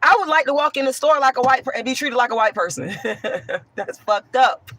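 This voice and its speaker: A woman with a hoarse voice, talking bluntly and profanely while answering chat on a livestream. She swings from a raised voice to soft talk. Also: fairly high pitch, brisk. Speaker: online commentator.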